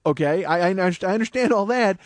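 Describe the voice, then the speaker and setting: A man in his forties hosting a comedy podcast, ranting with heavy profanity and loud outbursts. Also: high-pitched, expressive, fairly quick, no echo. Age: 40s.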